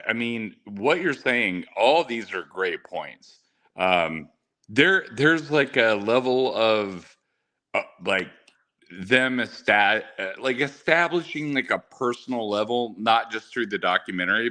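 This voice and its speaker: A man's voice: lowish voice, animated, unhurried, pushed and bright. A man joining a postgame stream as a guest, talking casually and hesitantly with lots of fillers. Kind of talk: casual chat.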